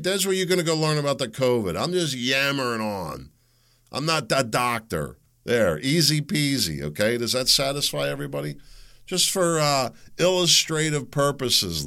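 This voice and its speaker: A male talk show host delivers a loose, rambling monologue, breaking off mid-thought to address his listeners. His voice is gravelly and bright with a forceful edge. His pitch jumps around a lot as he talks. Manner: rambling, self-interrupting, talks to listeners directly. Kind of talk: casual opinion monologue.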